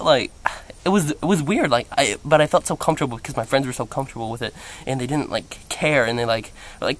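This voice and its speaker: A young man telling a personal story to the camera in a casual vlog, chatty and animated, with lots of "like" fillers. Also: mid-range voice, fast talker. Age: young adult. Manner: quotes others in playful voices. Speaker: vlogger.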